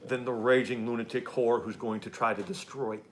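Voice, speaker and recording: A man's voice: mid-range voice, steady tone, a little fast, slight background noise. Blunt, heated man. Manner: blunt and heated, swears freely. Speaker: livestream host. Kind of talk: casual political chat reading chat comments.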